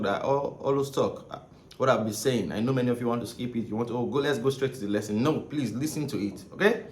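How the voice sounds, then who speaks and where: A man's voice: medium pitch, darkish tone. A man giving a casual spoken saxophone lesson, rambling and repeating himself, often checking in with "right?" and "okay?". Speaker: saxophone teacher. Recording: echoey room with faint ambient noise.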